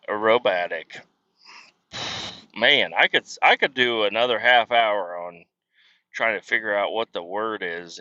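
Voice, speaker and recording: A man's voice: deep voice, sharp tone, no echo, highs cut off. A man hosting a casual podcast, rambling through family stories in a profane, self-deprecating way while on the road. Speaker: podcast host. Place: car.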